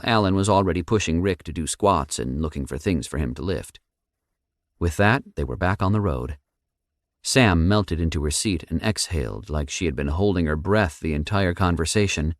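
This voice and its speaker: A male audiobook narrator with a very low voice. He reads in an even, measured way on a close mic. The sound is dry, with no echo. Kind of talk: scripted narration.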